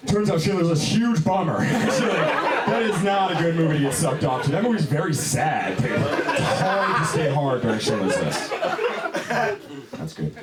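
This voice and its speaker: Young man, stand-up comedian, laid-back rambling, lively delivery, distant mic in a small lounge. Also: fairly high pitch, normal speed. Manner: laid-back rambling, lots of "dude" and "you know". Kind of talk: stand-up set. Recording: echoey club, distant mic, loud crowd.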